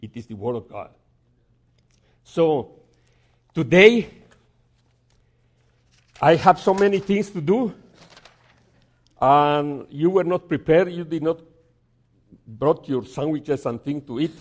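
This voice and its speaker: Slow preacher guy, kinda high voice, repeats himself, long pauses while reading scripture. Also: expressive. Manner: halting, repeats words, dramatic pauses; reads scripture aloud slowly. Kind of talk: storytelling sermon.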